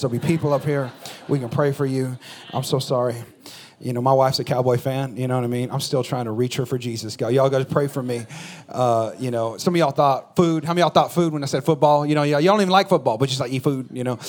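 Joking pastor bantering with congregation. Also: male voice, medium pitch. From California. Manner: joking, talks back and forth with the congregation. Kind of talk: casual conversational sermon. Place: church in front of a congregation.

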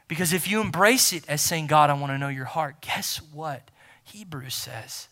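A man preaching a sermon as pastor, emphatic and repeating key phrases, swinging from loud to near-whisper. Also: fairly high pitch, normal speed, hardly any pauses.

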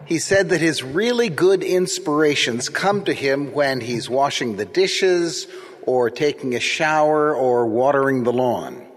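A man preaching a sermon in a church, speaking in a gentle, reflective way. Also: medium pitch, animated. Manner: slow, reflective, gentle delivery. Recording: church reverb.

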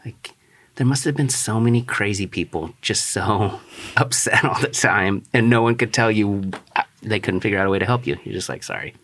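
A host chatting casually, asking curious, relaxed questions. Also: mid-range voice, normal speed. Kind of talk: casual conversation.

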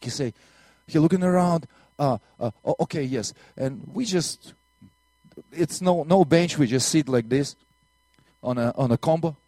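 A man's voice: a little high, expressive, unhurried, mellow, no room sound. A man from Latvia with a Russian accent, a minister and missionary, telling a testimony story to a congregation in broken English with earnest repetitions. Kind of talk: testimony sermon.

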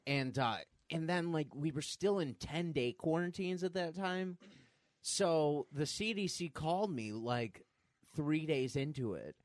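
A man's voice: fairly high pitch, a little slow, no echo. A man in casual podcast chat, telling a rambling story and swearing freely. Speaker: podcast co-host.

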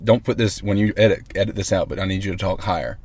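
A man hosting a comedic mock radio broadcast, excitable, rambling and mock-earnest, talking from inside a parked car. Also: low-pitched, quick pace, no echo. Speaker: host. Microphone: close mic in a parked vehicle.

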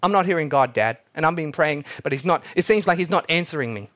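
A woman's voice: sits low, animated, quick pace, fairly bright tone. Male preacher doing a frustrated, anxious daughter, raised and pleading. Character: frustrated teenage daughter pleading with her dad.

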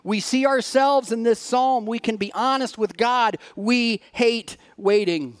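A man delivering a sermon as pastor, reading scripture earnestly and asking the congregation rhetorical questions, with dramatic pauses. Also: very high voice.

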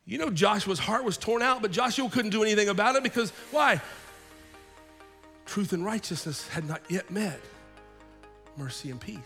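A man preaching a sermon with a fairly high voice. He tells the story vividly, acting out the people in it. His voice rings with the long reverb of a large hall. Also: lively intonation, normal speed, long pauses, pushed and bright, faint music behind. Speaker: pastor.

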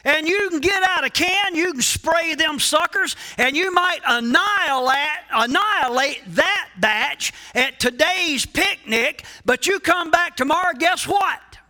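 A man preaching a sermon as pastor, emphatic, with rhetorical questions, asides and pauses for emphasis. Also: extremely high pitch, pushed and bright.

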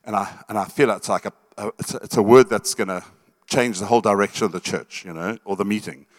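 A man's voice: lowish voice, fast talker. Middle-aged pastor guy preaching, punchy, keeps asking the room stuff, repeats himself. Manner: emphatic, repeats words, asks the room questions. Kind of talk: sermon teaching.

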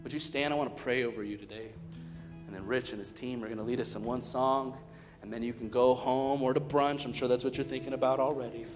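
A man in his thirties preaching a sermon as pastor, swinging from loud emphatic lines to near whispers, telling stories with humor. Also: mid-range voice, steady tone, brisk. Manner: storytelling with humor. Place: large church hall. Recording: reverberant church hall with soft guitar.

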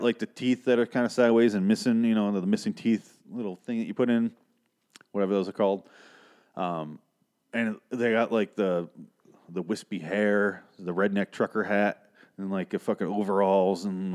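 A man's voice: on the low side, a little mellow. A man hosting a podcast, recapping a TV episode in a casual, profane, sarcastic and rambling way. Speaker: podcast host.

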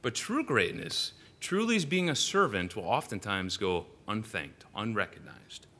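A man's voice: fairly low pitch, sing-song, a little slow, pushed and bright. A male pastor giving a sermon in a church, telling stories animatedly with frequent "uh" fillers and restarts.

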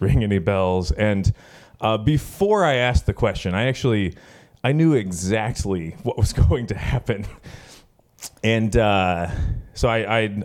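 A man in his thirties, a pastor preaching a sermon in a relaxed, storytelling way with many fillers. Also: lowish voice. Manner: conversational storytelling with frequent fillers. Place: church gathering.

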